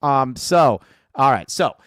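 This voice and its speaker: Male podcast host, animated pitch, dry close sound, rambling jokey chatter. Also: takes it slowly, no echo. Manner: rambling, joking, many fillers. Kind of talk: casual sports podcast chat.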